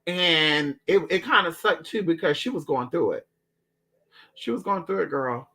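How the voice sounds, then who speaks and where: A man telling family stories in a casual chat, animated and profane. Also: fairly high pitch, moderate pace, vocal fry, slightly rough. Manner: animated, profane, dramatic, calls listeners girl. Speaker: storyteller.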